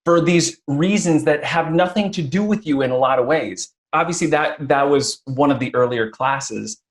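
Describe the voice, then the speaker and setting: A man's voice: on the high side, normal speed. A man hosting a conversational interview, telling stories with frequent restarts and acting out quotes. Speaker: podcast host.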